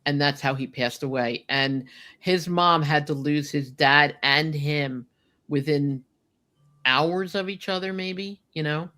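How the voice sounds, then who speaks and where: A woman's voice: low-pitched, slow pace, pushed and bright. Emotional woman telling a story, choked up, lots of you know and like. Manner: heartfelt, many fillers like "you know" and "like". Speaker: guest recalling a friend.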